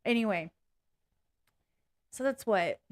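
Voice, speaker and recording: A woman's voice: medium pitch, lively intonation, takes it slowly. A woman vlogging casually in a blunt, candid way, swearing freely, rambling and restarting as she talks. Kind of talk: casual reaction vlog.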